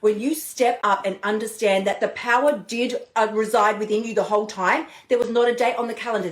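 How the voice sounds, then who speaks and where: A woman podcast host and eating coach, giving an animated, chatty motivational talk on a live stream. She swears casually and laughs often. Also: a little high. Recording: echoey room.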